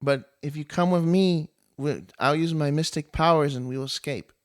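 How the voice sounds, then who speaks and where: A man's voice: on the high side, normal speed, lightly acted. A man voicing a demon woman disguised as a shy, beautiful maiden in a casual spoken retelling of an old epic, speaking in a slightly raised, pleading voice.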